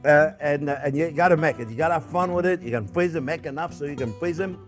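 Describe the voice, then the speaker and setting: A man hosting a cooking show, chatty and animated, laughing often and repeating words as he demonstrates a recipe. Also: a little high, fast talker, faint music behind.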